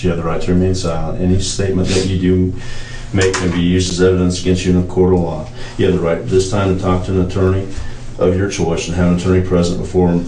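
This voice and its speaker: A man's voice: sits low, a little mellow. A man with a Southern accent, a detective questioning a suspect in a blunt, profane, confrontational way. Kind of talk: police interrogation. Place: interrogation room. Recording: echoey room, distant mic, faint hiss.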